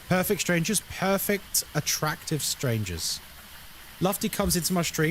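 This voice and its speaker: A male streamer chatting to his viewers in a joking, sarcastic, rambling way, with a lively, swooping voice pitched somewhat high. Faint background noise sits under his talk. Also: moderate pace. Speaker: live streamer. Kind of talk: casual live-stream chat.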